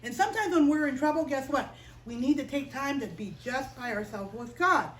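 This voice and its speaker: A woman teaching children's chapel, telling a Bible story in an expressive, playful way and asking the kids questions. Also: high voice, brisk, rough recording.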